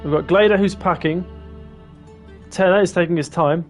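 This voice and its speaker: A man streaming a story game, reading its text aloud with casual comments in between. His voice sits a bit high. Quiet music plays underneath. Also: normal speed. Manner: casual asides between narration.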